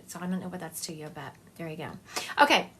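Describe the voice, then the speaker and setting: A woman's voice: deep voice, fairly even intonation, racing, a little hiss or hum. A woman giving a psychic medium reading on a live stream, talking in a chatty, confiding way and thinking aloud as she goes.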